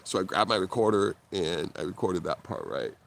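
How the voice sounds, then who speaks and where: A man's voice: moderate pace, vocal fry. A man hosting a live stream, telling a story in casual talk, swearing and laughing often as he quotes other people. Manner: animated, jumps in pitch when quoting and laughing. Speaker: livestream host.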